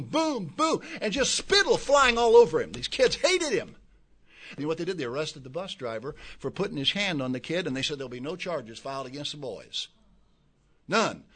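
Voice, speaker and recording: Addressing his congregation, an older man preaches with fervor, moving between hushed reflection and booming emphasis. He repeats words again and again as each point builds.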